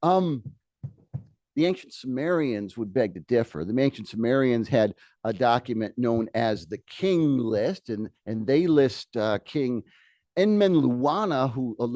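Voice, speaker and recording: A man teaching a history class, lecturing in a lively way with joking asides to his students in a classroom. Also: mid-range voice, no room sound, studio quality.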